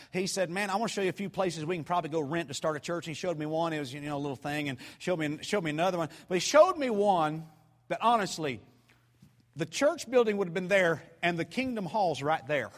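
A man from North Georgia with a Southern American accent, preaching a sermon as pastor with loud storytelling. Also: a little high. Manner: loud storytelling, swinging into shouts. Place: church. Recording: reverberant church hall.

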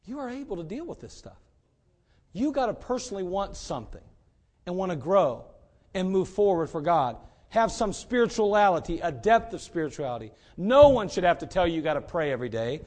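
A man's voice: high voice, big pitch swings, brisk, darkish tone. A middle-aged man, a pastor, preaching emphatically and telling a story. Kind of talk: sermon.

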